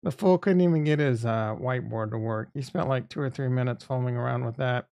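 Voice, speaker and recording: A man's voice: medium pitch, brisk, creaky, a little mellow. A man hosting his own live stream in a casual, rambling way, often breaking off mid-sentence and filling gaps with "uh" and "like". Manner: rambling and self-interrupting, with frequent fillers. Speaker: streaming channel host.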